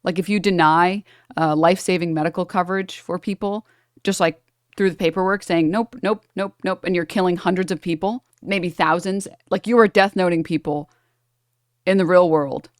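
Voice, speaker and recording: A woman's voice: fairly low pitch, steady tone, normal speed, no room sound, studio quality. A woman streamer reacting to clips with blunt, profane, heated rants. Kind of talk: casual reaction commentary.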